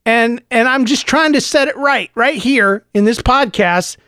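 Low-key middle-aged man ranting tongue-in-cheek. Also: unhurried, sharp tone, clear, resonant tone, no echo, clean studio sound. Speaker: podcast host. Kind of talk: solo podcast monologue.

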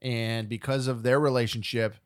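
A man's voice: medium pitch, moderate pace, dry recording, studio quality. A man co-hosting a podcast, chatting casually about a movie with short replies and frequent laughs. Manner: relaxed, laughs often, short agreeing replies. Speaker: podcast co-host. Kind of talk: casual movie recap chat.

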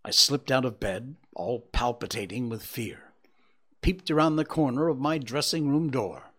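A man reading a dramatic story aloud in an expressive, theatrical way. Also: mid-range voice, normal speed, breathy edge. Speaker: audiobook narrator.

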